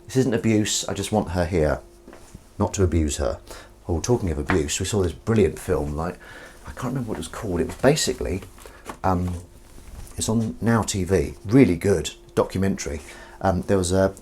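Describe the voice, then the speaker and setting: A man's voice: low voice, expressive, moderate pace, darkish tone, a little hiss or hum. A man chatting casually while washing up at home, rambling through film trivia and asides to someone in the room. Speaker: vlogger washing up. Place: home kitchen. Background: clinking dishes and cutlery.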